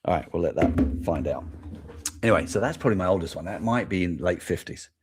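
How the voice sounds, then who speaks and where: Brief: middle-aged English male host, low voice, casual rambling live chat, self-amused. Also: lively intonation, fast talker, husky. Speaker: toy podcast host.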